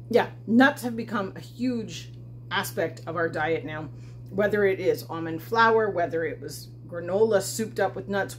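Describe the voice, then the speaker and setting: Her voice sits on the lower side, with a little hiss or hum in the recording. She's a homesteading channel host cooking in her home kitchen, chatting casually and self-deprecatingly as she explains the recipe.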